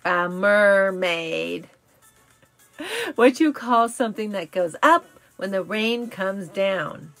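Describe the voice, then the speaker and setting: A woman hosting a casual live stream, chatty and self-correcting, telling corny jokes and riddles, her voice slightly raspy from talking all day. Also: mid-range voice, lively intonation, a little slow, fairly bright tone, no echo, faint music behind. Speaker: live show host.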